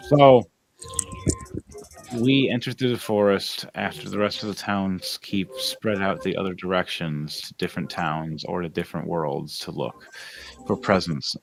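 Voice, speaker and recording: A man's voice: low-pitched, creaky. A man narrating as game master of a tabletop game, rambling with lots of fillers and restarts.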